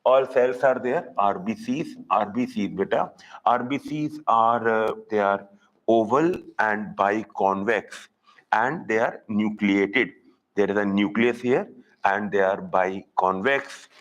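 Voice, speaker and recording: A man with an Indian English accent teaching a live online zoology class, repeating key terms slowly for students. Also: fairly low pitch, muffled recording.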